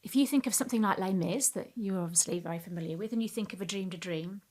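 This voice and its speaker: A middle-aged woman, a communication coach talking expressively in a podcast interview, shifting her pitch and pace for emphasis. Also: quick pace, darkish tone.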